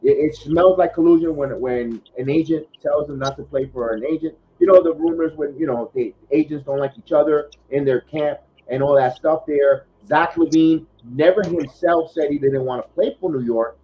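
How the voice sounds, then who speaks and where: A man hosting a sports podcast, his voice a touch higher than most men's. He rambles through his points with fillers and false starts. The audio sounds dull and lo-fi. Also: normal speed, hardly any pauses, a little hiss or hum. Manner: rambling, many fillers and restarts. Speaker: podcast host. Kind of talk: casual sports podcast talk.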